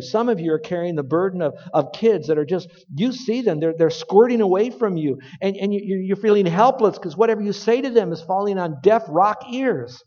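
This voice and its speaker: A man preaching a sermon in a large hall, his voice set a bit high and carried by a long echo. He speaks earnestly and plainly, then breaks into loud, emphatic bursts. The sound is somewhat dull. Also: lively intonation, a little fast, hardly any pauses.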